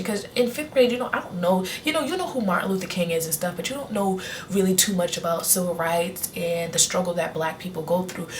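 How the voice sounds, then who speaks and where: A woman's voice: fairly low pitch, far from the mic, a little hiss or hum. A young woman vlogger chatting casually to her camera, candid and rambling, often restarting her sentences. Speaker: beauty vlogger. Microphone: on-camera mic.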